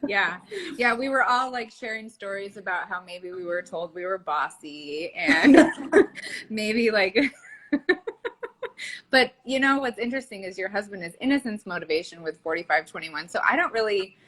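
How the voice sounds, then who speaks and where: A woman's voice: mid-range voice, lively intonation, unhurried, a bit bright, a little hiss or hum, rough recording. A woman co-hosting a podcast in casual chat, chatty and laughing often, with many fillers. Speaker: podcast co-host.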